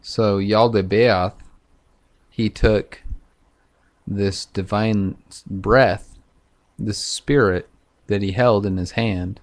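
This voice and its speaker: A man talking in a loose, profane, halting monologue full of fillers, vlogging to camera. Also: lowish voice, steady tone. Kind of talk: casual rambling monologue.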